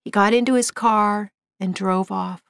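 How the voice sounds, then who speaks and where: A woman narrating a first-person ghost story in a quiet, somber reading. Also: medium pitch, steady tone, a little slow, vocal fry, smooth, no echo.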